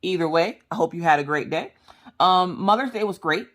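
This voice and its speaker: Woman, casual crafting chat, rambling storyteller, bright tone. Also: on the low side, normal speed. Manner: rambling storyteller, acts out family dialogue. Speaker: crafting vlogger.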